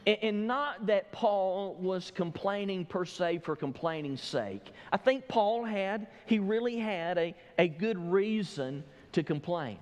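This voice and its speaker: Brief: male pastor, slightly higher voice, expository sermon in a church with long reverb. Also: animated, slow pace, hardly any pauses. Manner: expository, tells listeners what to underline. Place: church sanctuary.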